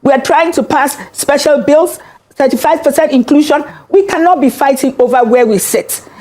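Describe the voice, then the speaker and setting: An older woman with a high voice answers an interviewer's questions. She speaks in a firm, measured way and sets the record straight without hurry. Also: warm tone. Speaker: senator, interview guest.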